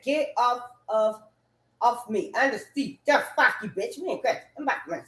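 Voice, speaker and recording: A woman rambling casually and repetitively, swearing often and breaking into loud outbursts, sitting at home on a couch. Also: a little high, moderate pace. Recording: echoey room.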